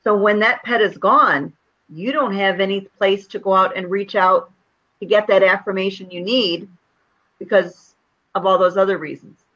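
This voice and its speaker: A woman guest speaks as a grief counselor, earnest and reassuring as she lays things out. Her voice is bright and forward, though the recording is slightly muffled and lo-fi. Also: medium pitch, normal speed. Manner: earnest and reassuring, explaining step by step. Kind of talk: interview answers. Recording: dull lo-fi sound.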